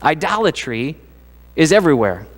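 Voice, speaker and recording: A middle-aged pastor with a fairly high, husky voice gives a sermon at a moderate pace, talking conversationally and animatedly while acting out quoted voices. The church sanctuary recording carries long reverb.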